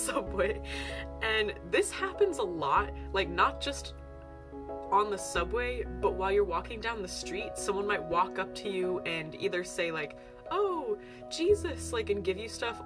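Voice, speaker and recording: A young American vlogger with a mid-range voice tells a story straight to her viewers in a loose, chatty way. She leans heavily on "like" and slips into little acted-out quotes along the way.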